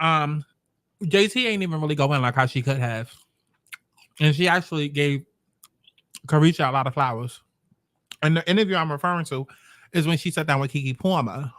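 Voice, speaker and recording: A man with a slightly high voice gives blunt, sassy reaction commentary. He talks while he eats. The sound is close and dry. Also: pushed and bright, no echo. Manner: eating while talking. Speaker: commentary host.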